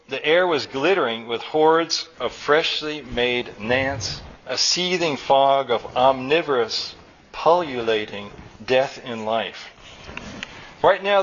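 A man reading his own story aloud live at a college, wry and lively. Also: medium pitch, highs cut off, slight background noise. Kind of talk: public fiction reading.

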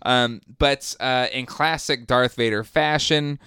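A male podcast co-host chats casually, rambling with plenty of fillers and laughing often. His medium-pitched voice is slow, bright, forceful, clear, and resonant, recorded dry at studio quality.

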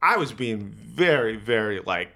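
A man's voice: on the low side, animated, measured pace, gravelly, sharp tone. A man comedian telling a story in casual chat, rambling and profane with many restarts.

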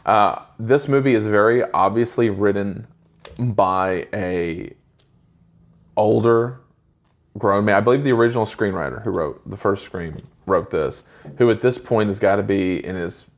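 A man in his forties giving an opinionated, ranting movie review in casual chat with a co-host. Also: lowish voice. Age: 40s. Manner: opinionated, ranting with quick asides.

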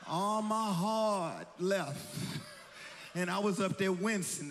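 A man in his sixties preaching a sermon, telling stories and building to shouted exhortation in a church. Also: high voice, takes it slowly, in a large hall, a little hiss or hum. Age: 60s. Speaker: pastor.

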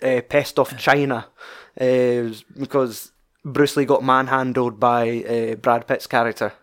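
A man's voice: mid-range voice, fairly even intonation, a little slow, a bit bright. Chatty Scottish man rambling about films. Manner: rambling, swears freely, many fillers. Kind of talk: casual film chat.

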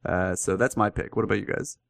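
A man hosts a film podcast segment, playful but hesitant, often trailing off. His mid-pitched voice has a gravelly fry. The recording is close and dry. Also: fairly even intonation, brisk, fairly bright tone, no room sound. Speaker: podcast host, segment originator. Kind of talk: casual chat.

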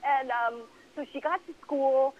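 A middle-aged woman, an author being interviewed, telling lively stories about raising her kids and acting out her own past reactions. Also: high-pitched, measured pace. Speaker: author and guest. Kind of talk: conversational interview storytelling. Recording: muffled lo-fi phone-like line.

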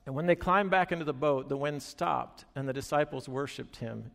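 A man's voice: medium pitch, moderate pace, vocal fry. Man preaching in a reverberant hall. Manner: animated storytelling, acting out quoted lines. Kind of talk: sermon.

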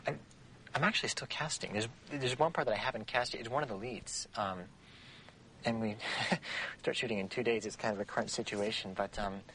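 An eager, stammering teen filmmaker. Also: male voice, fairly low pitch, a little fast, fairly bright tone, a little hiss or hum. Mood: eager pitching. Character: earnest teen boy aspiring filmmaker. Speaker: TV drama character.

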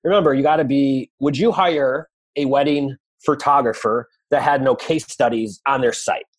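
Husky-voiced man coaching listeners. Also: moderate pace. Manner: emphatic, drops to low quiet asides. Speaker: co-host. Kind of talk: casual business chat, coaching tone.

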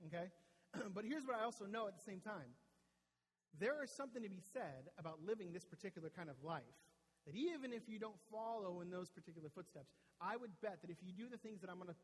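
High-voiced pastor preaching in a reverberant hall. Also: male voice. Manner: conversational, frequent tag "right?", repeats words when restarting. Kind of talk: sermon. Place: church hall with a live audience.

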